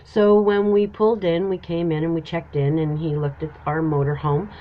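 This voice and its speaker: A woman's voice: sits low, little pitch movement, normal speed. A middle-aged woman hosting her own show, chatting through a personal story and acting out what everyone said. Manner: chatty, retells dialogue with lots of "I said". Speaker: host. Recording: dull lo-fi recording.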